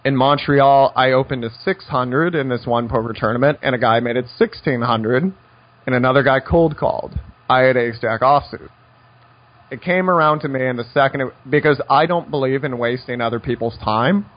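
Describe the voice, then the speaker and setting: A man's voice: mid-range voice, normal speed, muffled recording. A man teaching poker strategy in a conversational way, telling stories with dry, wry asides. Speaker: poker coach. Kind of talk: instructional poker talk.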